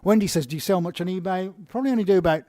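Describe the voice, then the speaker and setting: A man's voice: high-pitched, very fast, warm tone, no room sound, clean studio sound. A man with an English accent hosting a casual live Q&A, reading viewer questions aloud and answering with chatty fillers and restarts.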